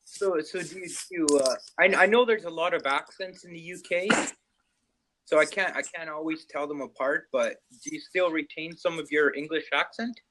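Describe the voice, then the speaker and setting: A man's voice: on the high side, normal speed, fairly bright tone, slight background noise, poor audio. A man with a Canadian accent in casual video-call chat, hesitant and chatty with many restarts.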